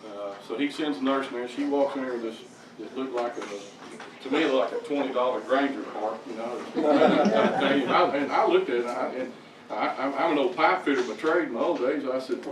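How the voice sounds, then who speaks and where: A man's voice: mid-range voice, moderate pace. An older man giving a personal testimony in a church hall, telling it in a folksy way with stammering restarts. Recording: echoey, distant mic, background noise.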